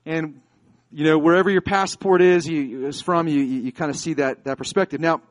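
A man's voice: a little high, fairly quick. A man in his forties from the United States, preaching a sermon as a pastor. He tells stories in a chatty way, then builds to fervent, emphatic preaching.

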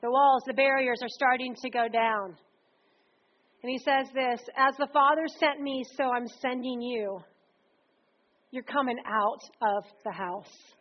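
A woman preacher delivering a sermon in a conversational, energetic way, often slipping into acted quotes. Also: sits high, a little slow. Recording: dull lo-fi recording.

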